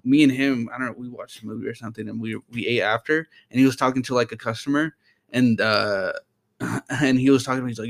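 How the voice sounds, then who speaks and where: A man's voice: medium pitch, fast talker. A young man chatting casually with friends, telling rambling stories full of slang and swearing. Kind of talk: casual chat among friends.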